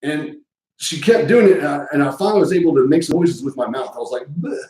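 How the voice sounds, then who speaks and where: A man's voice: a little high, expressive, fast, a little mellow, reverberant, low-quality recording. A man hosting a podcast, telling a crude, joking story in a casual, rambling way. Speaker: podcast host.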